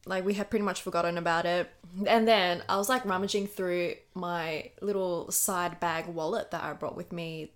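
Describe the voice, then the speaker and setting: This is a young woman with an Australian accent, chatting on a podcast. Her voice is raspy after a late night. She tells stories in a sweary, lively way. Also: on the low side, normal speed, hardly any pauses. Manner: sweary, animated storytelling. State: raspy, just woken up. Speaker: podcast co-host. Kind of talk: casual storytelling chat.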